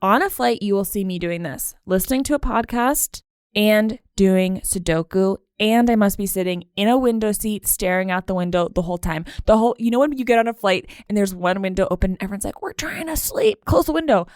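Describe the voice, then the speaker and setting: A woman's voice: mid-range voice, fairly quick, darkish tone, clear, resonant tone, dry recording. A woman comedian co-hosting a podcast in a studio, telling chatty, self-mocking stories. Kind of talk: casual comedic chat. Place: recording studio.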